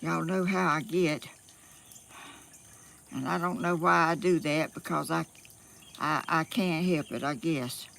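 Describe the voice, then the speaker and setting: Slow, gravelly Southern woman vlogging. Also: low-pitched, a bit bright, a little hiss or hum. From Georgia, US South. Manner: rambling and folksy, with frequent laughs and fillers. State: out of breath. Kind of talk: chatty live stream. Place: outdoors.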